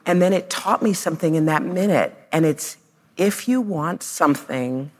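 A woman's voice: low voice, lively intonation, moderate pace, in a large hall. A woman TV host telling a personal story on stage, emphatic and heartfelt. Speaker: TV host interviewing. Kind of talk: conversational interview on stage. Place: stage before a live audience.

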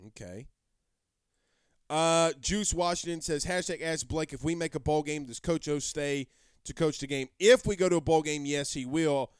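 A man's voice: a little high, normal speed, clear, resonant tone, dry recording, studio quality. A man hosting a live sports talk show, brash and rambling, repeating himself as he answers viewer comments.

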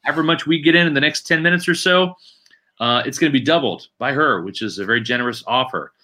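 A man's voice: mid-range voice, quick pace, bright, forceful tone. A man hosting a sports podcast, talking emphatically and often checking for agreement with "right?", and thanking viewers for donations. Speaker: podcast host. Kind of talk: casual sports podcast chat.

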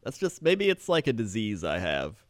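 A man's voice: on the low side, wildly swooping pitch, moderate pace, dry recording. A man chatting casually on a podcast with dry, understated humor.

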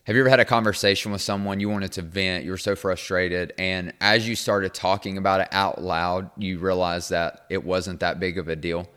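A man hosting a devotional podcast, talking in an earnest, encouraging, conversational way and growing quiet when he prays. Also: low voice, steady tone, normal speed, few pauses, clear, resonant tone. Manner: quiet and hushed when praying. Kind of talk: devotional talk and prayer.

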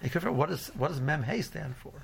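A man's voice: a little high, fairly quick, vocal fry, breathy edge. A man giving an informal religious lecture as a Torah class teacher, rambling with many "you know"s and restarts and mixing Hebrew and Yiddish terms into his English.

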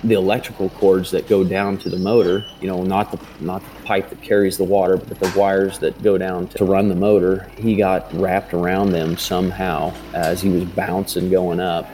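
Low, dark-voiced man recounting slowly. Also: little pitch movement, a little hiss or hum. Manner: halting, full of fillers and restarts. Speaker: father telling his rescue story. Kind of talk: interview testimony.

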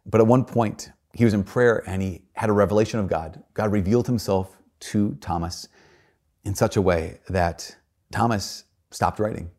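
A man's voice: on the low side, normal speed, a little mellow. A man, a priest, giving a homily in an earnest storytelling manner, with shifting emphasis.

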